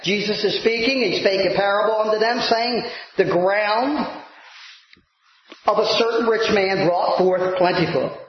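A male pastor preaching a sermon to his congregation, animated and rising to shouts for emphasis. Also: high-pitched, measured pace, slight background noise. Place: church sanctuary. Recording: echoey church hall, dull lo-fi sound.

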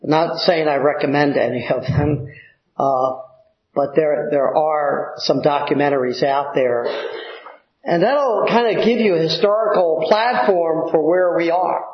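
A man preaching a sermon, teaching slowly and deliberately with pauses and filler words. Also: fairly high pitch. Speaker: pastor. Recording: echoey room, dull lo-fi sound.

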